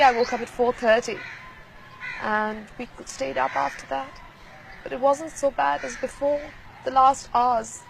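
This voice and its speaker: A woman from Pakistan recalling events in an archival interview, speaking in a quiet, measured, reflective way. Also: a little high, gravelly, noisy background.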